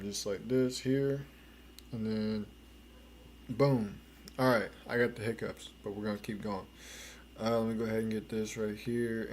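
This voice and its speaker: A man's voice: on the low side, a little mellow, a little hiss or hum. A man hosting a reaction stream, talking in a laid-back, slangy way and swearing freely. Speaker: reaction show host. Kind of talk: casual streaming chat.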